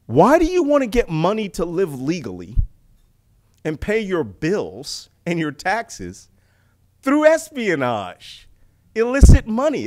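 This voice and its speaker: A middle-aged man from the United States giving an animated public talk on intelligence, full of rhetorical questions and jokes. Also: high voice. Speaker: speaker on intelligence.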